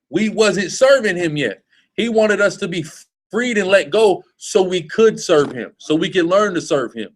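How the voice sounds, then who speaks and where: A man's voice: high voice, lively intonation, a little slow, faint music behind, rough recording. Emphatic man preaching to a group. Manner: emphatic, repetitive, asks "you see what I'm saying?". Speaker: street preacher teaching a group. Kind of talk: informal religious teaching.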